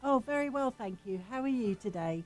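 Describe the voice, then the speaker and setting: A woman's voice: a little high, expressive, fairly quick, a little mellow, soft background music. A woman co-hosting a radio show, chatting with callers in a polite put-on British manner. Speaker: radio co-host and judge. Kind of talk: radio call-in chat.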